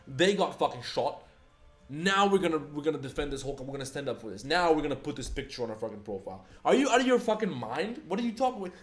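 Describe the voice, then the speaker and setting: A man in his twenties ranting heatedly on a livestream, profane and firing off rhetorical questions. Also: on the high side. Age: 20s. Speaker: livestream host.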